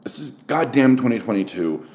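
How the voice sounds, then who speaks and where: A man's voice: mid-range voice, animated, normal speed, a little mellow, roomy sound. A man hosting a casual solo podcast, talking candidly and rambling with restarts, swearing often and getting worked up. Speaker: podcast host.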